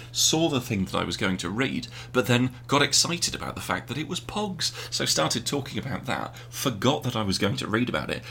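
A man's voice: mid-range voice, vocal fry, a bit bright, a little hiss or hum. A man co-hosting a casual home podcast, rambling and easily sidetracked, mocking himself as he goes. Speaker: podcast co-host. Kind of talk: casual chat. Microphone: home podcast mic with earpiece.

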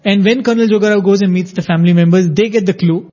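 Male storyteller with a high, dark, husky voice; lively, acts out quotes. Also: fast talker. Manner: animated, acts out quoted dialogue. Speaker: storyteller sharing a devotional anecdote. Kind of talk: conversational spiritual storytelling. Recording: dull lo-fi audio.

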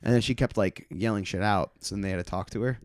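A man in his thirties, a comedian guest on a podcast, telling stories in a casual, animated way and acting out people's voices. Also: fairly low pitch, fast, dry recording, studio quality. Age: 30s. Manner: animated storyteller, acts out hecklers in loud squeals.

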